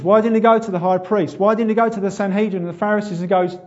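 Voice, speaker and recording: A man preaching a sermon, asking rhetorical questions and building up to loud, fervent appeals. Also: sits high, quick pace, hardly any pauses, lo-fi sound.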